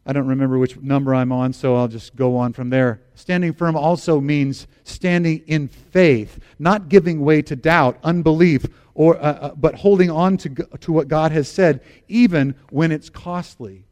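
A man's voice: on the high side, fairly even intonation, normal speed, hardly any pauses, a little mellow. A middle-aged American man preaching a sermon as pastor, earnest and emphatic, repeating phrases for stress.

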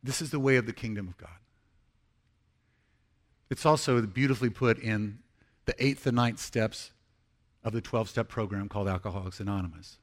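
A middle-aged man preaching a sermon as pastor, earnest, rising to emphatic peaks and dropping to hushed, slow confessions. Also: lowish voice.

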